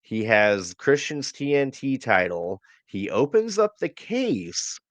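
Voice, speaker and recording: On a dry recording, a man of medium pitch talks slowly through a wrestling show as one of a podcast's co-hosts. It's an easygoing review chat, peppered with fillers like um and uh and plenty of ready laughter.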